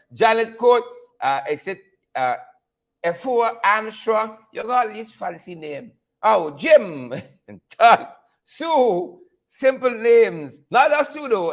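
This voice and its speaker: A Guyanese man hosting a live stream, ranting with sarcastic, preachy fire while greeting viewers. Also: high voice. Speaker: livestream host. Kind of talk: live-stream commentary and rant.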